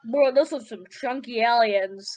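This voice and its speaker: A woman's voice: a little high, a little slow, darkish tone. A woman playing a video game with a friend, joking around and teasing in rowdy, casual banter. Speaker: gamer.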